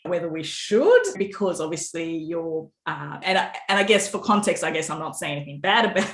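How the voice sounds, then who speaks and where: A woman's voice: deep voice, lively intonation, a little fast, a bit bright. A woman author, telling a story in a casual interview, laughing often and restarting her sentences. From Australia. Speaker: author guest. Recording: roomy echo.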